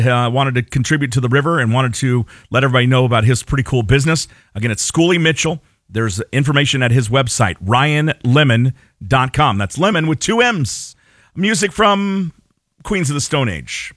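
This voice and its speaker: A man's voice: medium pitch, fairly bright tone, no echo. A man hosting a morning radio show in a studio, giving traffic and weather with casual, joking asides. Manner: chatty, joking asides between reports. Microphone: studio broadcast mic.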